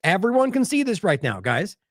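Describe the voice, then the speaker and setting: A man giving solo news commentary, sarcastic and animated, mocking the lines he quotes in put-on voices and restarting often as he scrolls his sources. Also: sits high, fairly quick, dry recording, clean studio sound. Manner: talks in bursts with restarts while scrolling sources.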